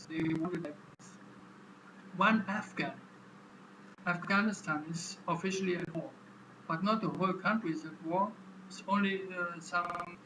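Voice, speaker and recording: High-voiced man talking haltingly over noise. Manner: halting, repeats words while explaining. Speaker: vlogger. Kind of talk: casual monologue.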